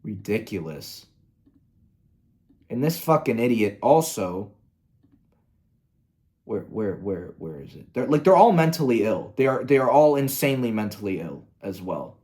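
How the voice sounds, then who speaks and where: A man's voice: lowish voice, very animated, unhurried, pauses often, mellow. A man hosting a commentary video, ranting in an angry, profane, exasperated way. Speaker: commentary host.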